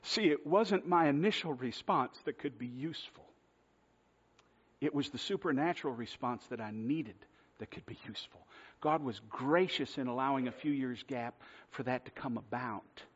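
A man's voice: medium pitch, normal speed, husky. A man preaching a sermon, telling a self-deprecating personal story in a conversational way. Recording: dull lo-fi sermon recording.

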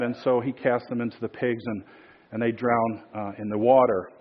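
A man's voice: medium pitch, fairly even intonation, brisk, dull audio. Man preaching casually with many fillers. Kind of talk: sermon with storytelling.

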